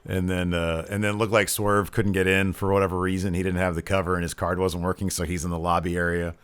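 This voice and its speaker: A man's voice: low voice, little pitch movement, fast talker, fairly bright tone, clear, resonant tone, dry recording, clean studio sound. A man co-hosting a wrestling podcast, chatting casually, laughing easily and drifting into asides. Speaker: podcast co-host. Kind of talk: casual wrestling review chat.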